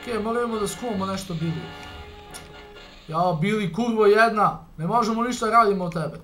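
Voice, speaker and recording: A young man from Serbia with a Serbian accent, commentating a game playthrough, excitable and swearing, reading game lines aloud. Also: high-pitched, quick pace, faint music behind. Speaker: gamer. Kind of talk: let's play commentary.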